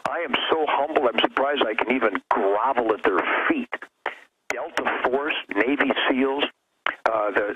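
An older man speaking as a guest on a political talk radio show, fiery and emphatic, stumbling over repeated words in bursts. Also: mid-range voice. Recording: muffled lo-fi radio line with noise.

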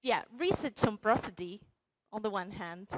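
A woman's voice: medium pitch, expressive, moderate pace, a little hiss or hum, rough recording. A woman researcher giving a short, playful research talk that addresses the audience directly. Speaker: researcher presenting her project. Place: university hall before an audience.

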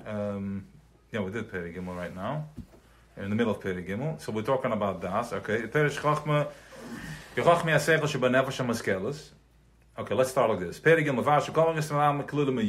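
A slightly bright, medium-pitched male voice carries a little hiss or hum. He's leading a small-group Chassidic class, recorded live, chatting loosely with Yiddish terms woven in, checking his listeners understand, and voicing everyday scenes himself.

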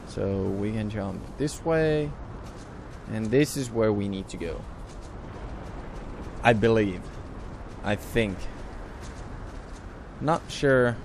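A young man giving casual gameplay commentary who swears a lot and bursts out loudly at sudden mishaps. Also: on the low side, takes it slowly, pauses often, background noise. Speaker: let's play host.

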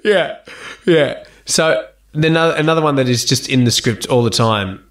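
This is an Australian man in a relaxed interview, spinning stories with plenty of energy and the odd swear word. His voice sits at an ordinary middle pitch, and he laughs freely as he talks. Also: normal speed. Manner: animated storyteller, laughs often, swears casually. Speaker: guest actor and musician. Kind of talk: casual interview chat.

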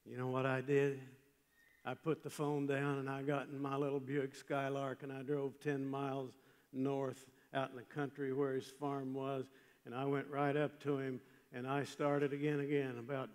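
An older man preaching a chapel sermon, telling a story with emphatic swings from loud passages to hushed ones. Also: medium pitch, monotone, moderate pace, clean tone. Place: large chapel. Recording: long hall reverb.

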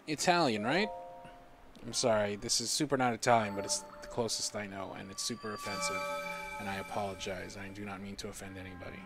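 A man's voice: on the low side, little pitch movement, fast, music in the background. A man giving goofy, chatty let's-play commentary, self-deprecating and often dropping to a mutter. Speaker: gaming YouTuber.

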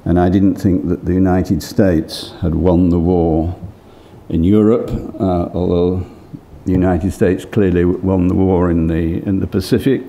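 Older male lecturer, deep and gravelly, thinking aloud with lots of fillers. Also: flat delivery, measured pace, mellow. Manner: hesitant, many fillers and restarts. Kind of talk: impromptu academic remarks.

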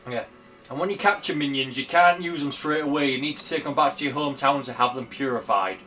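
A man's voice: medium pitch, fast talker, pushed and bright, faint music behind. A young man casually commenting on his own gameplay at home, chatty and blunt, swearing freely and talking back to the game. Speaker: gamer. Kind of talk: casual let's-play commentary. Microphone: camera filming the screen.

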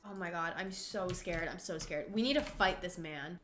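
A woman giving casual let's-play commentary, gasping and exclaiming as things happen on screen. Her voice is bright and forceful. The room around her has an audible echo. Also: on the low side, a little slow, slight background noise. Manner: excitable, gasping, exclaiming, swearing at the game. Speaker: gaming channel host. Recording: echoey room.

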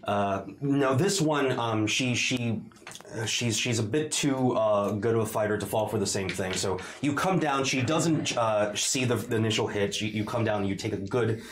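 A man narrating a tabletop game as dungeon master, describing the action in a halting way with many pauses. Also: lowish voice, slight background noise. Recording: roomy echoey room.

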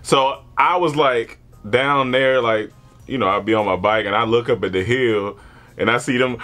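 A man telling a comedic childhood story in casual chat, animated and laughing often, acting out voices. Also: mid-range voice, moderate pace. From born in Germany, grew up partly in Panama.

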